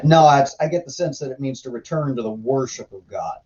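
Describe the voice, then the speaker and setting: A man's voice: mid-range voice, a little fast, darkish tone. A man hosting a casual livestream, joking irreverently as he reads chat and comments on scripture. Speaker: host reading and commenting on scripture. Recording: dull lo-fi stream audio.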